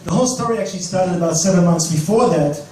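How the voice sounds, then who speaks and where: A man in his thirties from Australia tells a story live in a cafe, lively and self-mocking. His voice is high and mellow. The sound is very echoey and distant, with faint room noise. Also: quick pace. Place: cafe stage.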